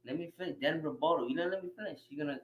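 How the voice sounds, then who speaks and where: Young man in casual debate, insistent, slightly high pitch. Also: highs cut off, crowd noise. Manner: measured, insistent. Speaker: panel speaker.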